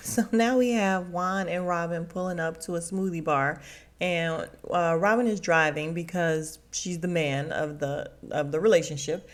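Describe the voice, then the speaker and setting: Woman, young adult, podcast host, casual recap, laughing, animated quotes. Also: fairly low pitch, a little slow. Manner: chatty, laughing, acts out quotes with big swings. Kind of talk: casual chat.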